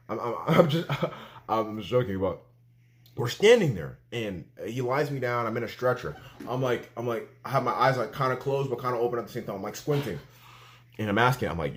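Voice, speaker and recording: A young man from Canada telling a story in a casual vlog, animated and full of fillers, acting out what he said at the time. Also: medium pitch, fairly quick. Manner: animated storytelling, filler-heavy, acts out his own quotes. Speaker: vlogger.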